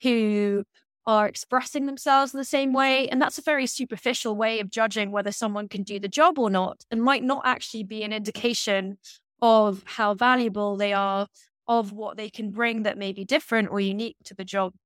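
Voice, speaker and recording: A woman's voice: medium pitch, fairly even intonation, normal speed, a bit bright, clear, resonant tone, dry recording. A woman co-hosting a casual podcast discussion, articulate and critical with a lightly wry edge. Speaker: podcast co-host.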